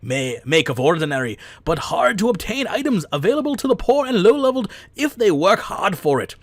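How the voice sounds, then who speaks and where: A man's voice: high voice, big pitch swings, no room sound, pitched above the performer's own voice. A man putting on a shaky Irish accent. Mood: demanding. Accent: attempted Irish, drifting Scottish. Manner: halting, stumbling reading of a forum post. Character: forum poster, a man in a bad Irish accent.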